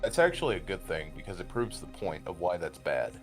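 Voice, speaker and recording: Deep-voiced blunt man rambling. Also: very animated, fairly quick, music in the background. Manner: blunt and crude, rambling explanations. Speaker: streamer. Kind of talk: casual chat.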